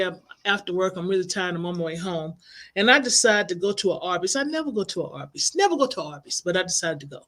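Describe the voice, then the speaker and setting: A middle-aged woman, a life coach and minister, telling inspirational stories in an animated, expressive way. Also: fairly low pitch. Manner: animated, expressive, acts out quoted voices. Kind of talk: inspirational storytelling broadcast.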